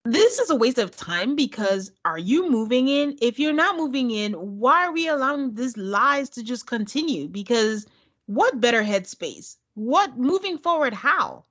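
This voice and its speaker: A woman co-hosting a casual chat, recapping a show with sarcastic, animated storytelling. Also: a little high. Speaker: podcast co-host recapping a reality show.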